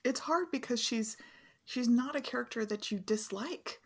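A woman's voice: a little high, normal speed, husky. A woman co-hosting a podcast, chatting casually and chiming in with short, agreeable replies. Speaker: podcast co-host. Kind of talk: casual chat.

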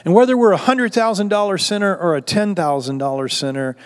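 A man preaching from the pulpit in a voice pitched a bit higher than most men's. He talks like he's chatting with the congregation, stumbling and restarting phrases as he retells an old story in everyday words. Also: brisk. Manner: conversational preaching with frequent restarts and filler; retells scripture story in plain modern words. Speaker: pastor. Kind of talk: sermon.

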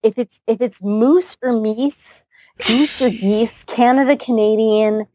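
A woman's voice: a little high, takes it slowly, a little mellow, no echo. A woman in casual podcast chat, insistent as she corrects the others.

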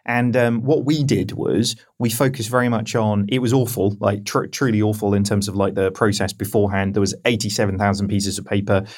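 A man hosting a casual podcast chat, chatty and quick with jokey asides as he asks his questions. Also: lowish voice, steady tone, a little mellow. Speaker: host, interviewer.

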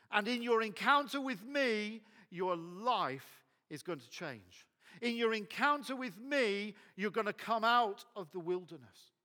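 A man's voice: high-pitched, pushed and bright, exaggerated voice. A man voicing God, who questions and calls out with coaxing earnestness. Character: God, calling gently and persistently.

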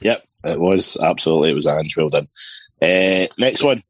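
Deep, husky, deadpan man. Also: normal speed, dry recording, low-quality recording. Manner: blunt, deadpan. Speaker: panelist running the quiz. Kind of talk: casual panel chat.

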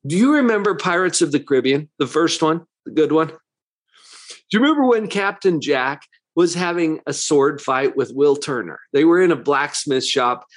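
A man's voice: fairly high pitch, animated, normal speed. A man who works as a psychologist giving a motivational talk, full of rhetorical questions, with a conversational and emphatic manner.

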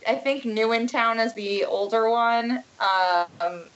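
A woman's voice: fairly high pitch, takes it slowly, fairly bright tone, lo-fi sound. A woman on a podcast as a guest in casual chat, giggly and gushing, full of likes. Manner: giggly, gushing, says like a lot.

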